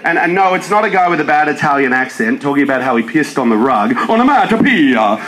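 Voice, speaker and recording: A young man doing a stand-up comedy set in a pub, with animated joke delivery and some shouted bits. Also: medium pitch, fast. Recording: roomy live venue sound.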